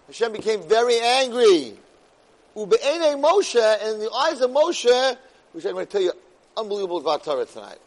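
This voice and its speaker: A man giving a weekly Torah portion class, weaving Hebrew verses into English and swinging dramatically between loud and soft delivery. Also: high-pitched, big pitch swings, fairly quick, rough recording. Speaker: Torah lecturer.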